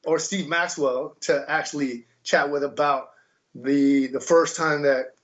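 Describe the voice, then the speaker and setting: An American man telling stories in a lively, casual way as a podcast guest. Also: on the high side, measured pace. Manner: animated, mimics voices in quotes. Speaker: podcast guest, kettlebell instructor. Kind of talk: casual storytelling. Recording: dull lo-fi sound.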